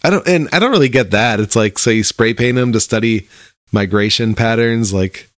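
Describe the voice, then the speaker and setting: A man's voice: mid-range voice, moderate pace, no room sound, clean studio sound. A man co-hosting a casual chat about a TV show, laid-back, swearing and laughing often. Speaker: podcast co-host.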